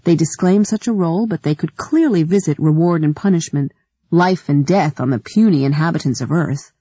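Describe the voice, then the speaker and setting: Woman audiobook narrator, dark mellow tone, dry close sound, measured delivery. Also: low voice, husky, dry recording. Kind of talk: scripted narration.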